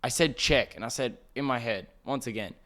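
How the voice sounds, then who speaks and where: A young man hosting a solo podcast, telling a story in an animated, profane, ranting way. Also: mid-range voice, fairly quick. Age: young adult. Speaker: podcast host.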